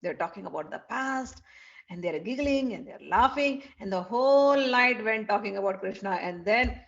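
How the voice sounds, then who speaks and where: A woman telling a devotional story in an animated way, acting out the characters. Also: mid-range voice, normal speed, gravelly. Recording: dull lo-fi recording.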